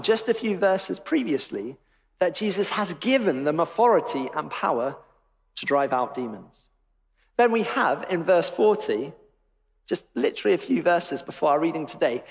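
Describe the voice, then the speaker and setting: Man, preacher, sermon, emphatic, wry, higher voice, long church reverb.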